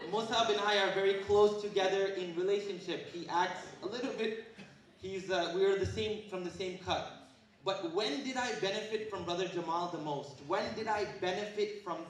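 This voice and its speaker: A man's voice: high-pitched, distant mic. Man speaking in an echoey hall. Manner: lively, jokey, swings from loud to hushed. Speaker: guest speaker at a school. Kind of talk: animated motivational talk to students.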